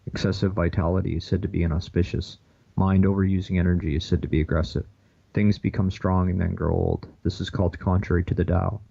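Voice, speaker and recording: Male host, very low and gravelly, dry and dull sound, reads slow and measured. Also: mellow, dry recording. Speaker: radio host. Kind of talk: reading scripture aloud.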